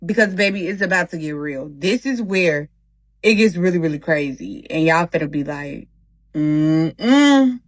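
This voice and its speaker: A woman hosting a casual storytime vlog, talking straight to her viewers in an animated, slangy way. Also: on the low side, normal speed, no room sound, low-quality recording. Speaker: storytime host.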